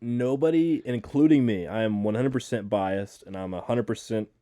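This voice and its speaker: Excitable low-voiced podcast guy. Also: normal speed, no room sound, clean studio sound. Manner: excitable, quotes scenes in raised voices. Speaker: podcast co-host. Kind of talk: casual movie review chat.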